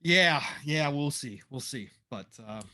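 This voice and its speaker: A man in his forties co-hosting a gaming podcast, easygoing and quick to laugh. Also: a little high, animated. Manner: easygoing, laughs often, trails off softly. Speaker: podcast co-host. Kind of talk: casual gaming podcast chat.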